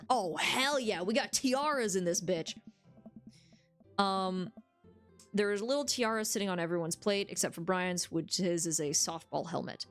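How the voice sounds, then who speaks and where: A woman streaming a game in casual commentary, excitable, swearing freely and reading the game's dialogue aloud, over faint music. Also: mid-range voice, moderate pace. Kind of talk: casual let's-play commentary.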